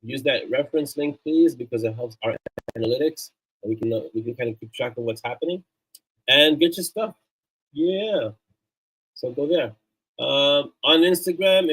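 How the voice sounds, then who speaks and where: A livestream host with a husky, mid-range, fairly bright voice chats upbeat on a casual stream, plugging links and thanking supporters. He's loose and off-the-cuff, with fillers and restarts, and the recording is rough.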